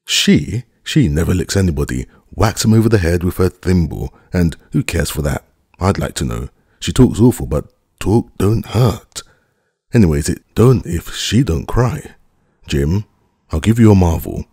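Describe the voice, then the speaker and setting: A cocky young boy, all coaxing and boasting, raised a little above a very deep reader's voice, as a man puts him on. The tone stays husky and the room sounds dry. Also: animated, a little slow, dark tone, no room sound, heavily acted.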